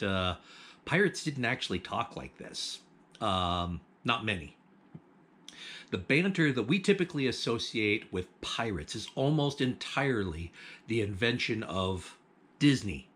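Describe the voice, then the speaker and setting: Male host, lowish voice, casual explainer with ums and chuckles. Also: fairly bright tone. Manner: chatty, with frequent ums, restarts and chuckles. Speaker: host of a food history channel.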